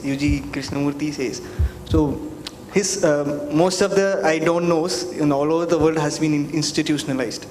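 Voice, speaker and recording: Man asking a question, hesitant, fairly high voice, echoey hall, faint background noise. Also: darkish tone. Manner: hesitant, halting, with many fillers. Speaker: audience member asking a question. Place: lecture hall.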